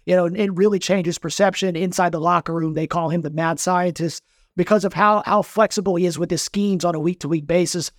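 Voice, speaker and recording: Male sports reporter, quick and high-pitched, animated storyteller, dry close mic. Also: no echo. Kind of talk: casual podcast chat.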